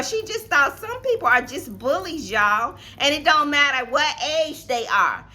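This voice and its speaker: Telling a personal story as co-host of a casual vlog, this Atlanta, Georgia woman in her 50s sounds very animated, her high voice pushed and bright at a measured pace. She's emphatic, repeats herself, and addresses viewers directly.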